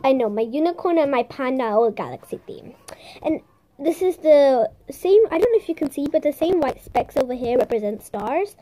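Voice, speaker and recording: A young woman vlogger with a high, bright voice shows off squishies and slime in a casual show-and-tell. Bubbly, playful and animated, she talks fast with hardly any pauses, drops into soft whispers for ASMR moments and makes silly sound effects.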